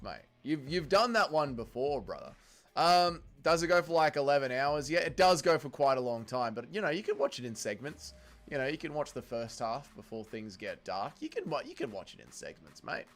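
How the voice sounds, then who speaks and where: A man's voice: a little high, a bit bright. A man hosting a casual livestream, upbeat and bantering as he greets viewers by name. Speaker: livestream host.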